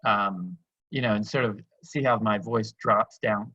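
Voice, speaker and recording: A man's voice: on the low side, unhurried, pushed and bright, dry recording, dull audio. A man facilitating an online workshop, talking in a reflective, loosely phrased way with many fillers over a video call. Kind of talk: casual online workshop talk.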